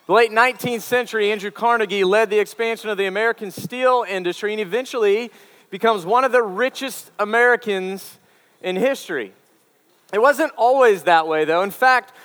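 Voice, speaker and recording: A man's voice: high voice, a bit bright, clear, resonant tone, long reverb tail. A man preaching a conversational sermon to college students, telling stories with chatty asides and repeated words. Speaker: campus ministry preacher.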